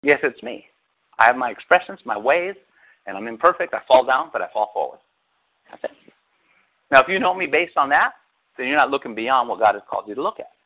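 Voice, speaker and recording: Guy preaching, voice jumps all over, kinda high, sounds like over a phone. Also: a little fast, pauses often. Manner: animated, quotes scripture in excited raised voice, asks listeners questions. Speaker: pastor. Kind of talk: casual sermon. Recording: tinny phone-like line.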